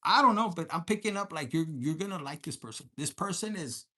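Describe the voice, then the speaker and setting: A man's voice: on the high side, expressive, fairly quick, bright, forceful tone. A man hosts a tarot reading vlog in a loose, rambling way. He swears constantly and jokes crudely, with bits of Spanish slang mixed in. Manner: crude, profane and joking, mixing in Spanish slang. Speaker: tarot reader.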